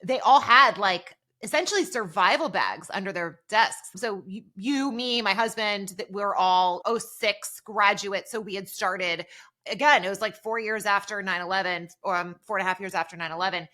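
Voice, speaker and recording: A woman's voice: medium pitch, normal speed, bright, forceful tone. A woman in her forties co-hosting a podcast, casually recapping a TV episode and narrating plot with quoted lines. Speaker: podcast co-host, former banker.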